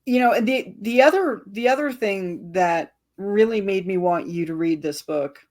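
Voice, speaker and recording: A woman's voice: medium pitch, moderate pace, a little mellow. A woman author chatting casually about her book, laughing often and talking with dry humor. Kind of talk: casual chat.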